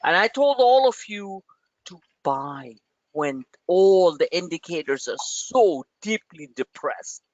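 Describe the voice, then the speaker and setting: Brief: male trading host, loose and jokey, somewhat high voice, dry, slightly muffled audio. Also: slow pace, dry recording. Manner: rambling, joking, animated. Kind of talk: livestream market commentary.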